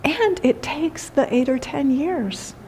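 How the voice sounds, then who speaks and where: A woman's voice: sits high, slow pace, a little mellow, slight background noise. A woman giving a spiritual talk as teacher, telling a funny story and laughing often.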